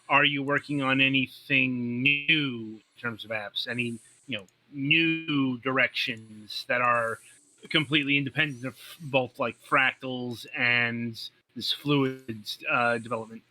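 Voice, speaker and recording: A man hosting an interview podcast, asking questions and wrapping up the episode in a friendly, measured way. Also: mid-range voice, fairly even intonation, pushed and bright, rough recording. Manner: friendly, wraps up the show in a measured way. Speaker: podcast host. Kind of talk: interview host.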